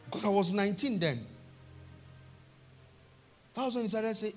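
A middle-aged Nigerian man preaching a sermon, telling a family story and swinging from hushed tones to shouts. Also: sits high, lively intonation, normal speed. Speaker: pastor.

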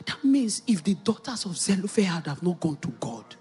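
A middle-aged Nigerian woman preacher telling a personal story in a sermon, animated, with loud exclamations. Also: on the low side, moderate pace, slightly rough, faint music behind.

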